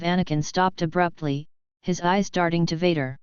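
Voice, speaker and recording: A woman reading a fan story as narrator in a measured, even way. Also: fairly low pitch, clear, resonant tone, no echo. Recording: dull lo-fi dry.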